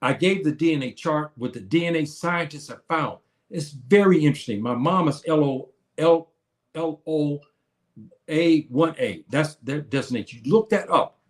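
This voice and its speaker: A man lecturing on a live stream, reading and answering viewers' comments with frequent restarts and hesitations. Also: on the high side. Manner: halting, many restarts, reads and answers comments. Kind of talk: live-stream teaching and chat replies.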